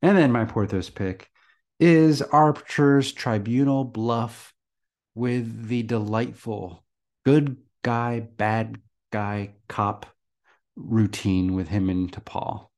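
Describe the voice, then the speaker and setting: Podcast co-host, male, low voice, relaxed and chatty, quick to laugh. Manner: relaxed, chuckles often, frequent restarts. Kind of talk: casual chat.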